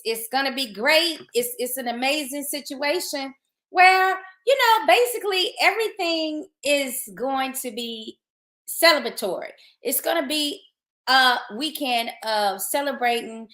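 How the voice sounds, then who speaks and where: Woman podcast host, upbeat and chatty, highish bright voice, echoey room. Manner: chatty, upbeat, loose restarts. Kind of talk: casual podcast chat and event promo. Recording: roomy echoey sound.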